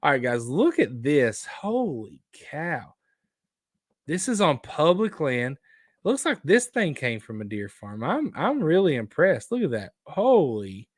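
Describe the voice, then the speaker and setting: A man hosting a casual outdoors live stream, rambling and excitable as he reacts to viewer photos. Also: fairly high pitch, a little slow, no room sound, studio quality. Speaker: outdoors show host.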